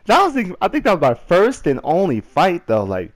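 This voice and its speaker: A man telling a casual storytime vlog, rambling with lots of "like" and slipping in deadpan jokes. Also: high-pitched, moderate pace, dry recording. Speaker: vlogger.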